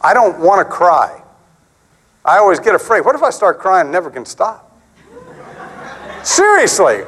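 A middle-aged man preaching a sermon in a conversational, animated way, acting out quotes and stories. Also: moderate pace, long pauses, slightly rough, rough recording. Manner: animated, conversational, acts out quotes with big pitch swings.

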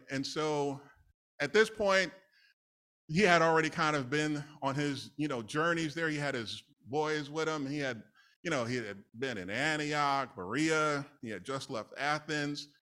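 A man's voice: fairly high pitch, sharp tone. A man from New City, preaching a casual, conversational sermon with laughing asides. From New York City. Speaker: lay preacher.

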